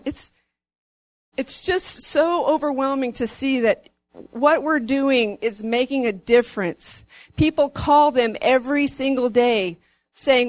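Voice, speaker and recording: Earnest woman, church testimony, higher voice, dry close sound. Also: unhurried, no echo. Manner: earnest, rising to excited. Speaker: church member giving a testimony.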